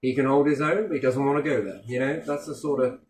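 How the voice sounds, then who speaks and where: A man's voice: medium pitch, fast, a little mellow. A man with a mid-range voice tells stories in a loose, casual chat. He is blunt and swears constantly, acting out the people he quotes. The room around him is echoey, with a faint hum beneath.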